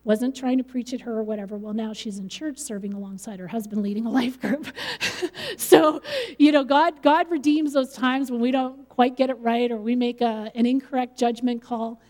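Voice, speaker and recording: A woman's voice: a little high, steady tone, normal speed, darkish tone, in a large hall. A middle-aged woman pastor preaching a sermon in a conversational way, with light laughs.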